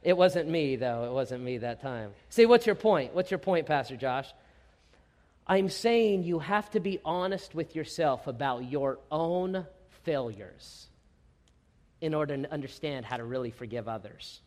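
A middle-aged man preaching a sermon, his voice sitting a little higher than most men's. He tells jokes at his own expense and acts out little asides. The sound carries a long reverb from a big hall. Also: expressive, measured pace, darkish tone. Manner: self-deprecating, humorous storytelling with quoted asides. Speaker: pastor.

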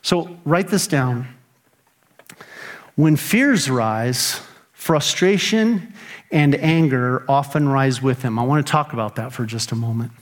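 A middle-aged man preaching a sermon as pastor, animated and earnest, acting out his own prayers and grumbling. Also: medium pitch, takes it slowly.

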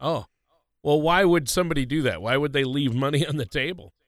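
Joking radio co-host with a slightly high voice. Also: male voice, brisk, dry recording, clean studio sound. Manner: jokey, curious, asks questions, laughs often.

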